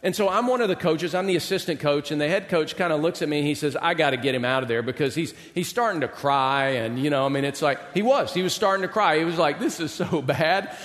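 Middle-aged man, pastor, comic sermon storyteller, a bit high-pitched, long church reverb. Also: fairly bright tone. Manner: humorous, self-deprecating storyteller with comic exaggeration.

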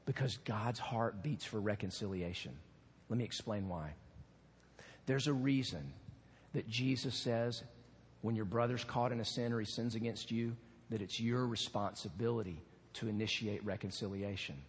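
A man pastor giving an animated, earnest sermon with asides to the congregation in a church. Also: lowish voice, moderate pace, slightly rough. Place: church sanctuary. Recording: long hall reverb.

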